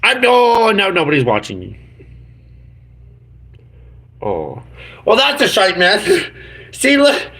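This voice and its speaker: A man's voice: sits high, wildly swooping pitch, slow pace, long pauses, pushed and bright, poor audio. A man chatting as a YouTuber on a live stream, goofy and rambling, full of silly made-up words.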